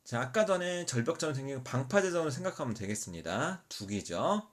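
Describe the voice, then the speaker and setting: A man teaching an English Bible passage, reading each phrase slowly and then translating it quickly, often correcting himself mid-word. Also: fairly high pitch, big pitch swings. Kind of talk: slow English reading with Korean explanation.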